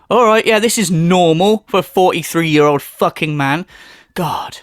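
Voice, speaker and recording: A man's voice: a little high, measured pace, dry recording, clean studio sound. A man on a livestream giving sarcastic, profane, ranting commentary. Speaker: streamer.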